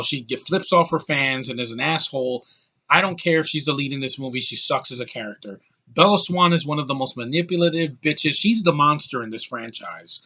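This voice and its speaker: A man's voice: mid-range voice, bright, forceful tone. A man giving a casual, ranting film review, blunt and heated, often repeating and restarting his words. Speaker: movie reviewer.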